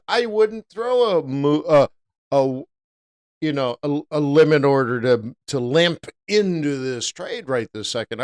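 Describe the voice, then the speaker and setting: Animated, joking man with a smooth voice. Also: medium pitch. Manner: animated and jokey, breaks into loud playful impressions. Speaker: forex trader hosting a live stream. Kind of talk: live trading commentary.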